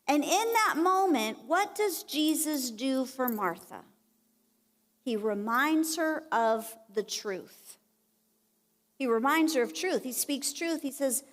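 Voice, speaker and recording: High-voiced woman preaching in a church. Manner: conversational, animated, acts out quotes. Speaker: conference speaker. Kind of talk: sermon. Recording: long reverb of a church hall.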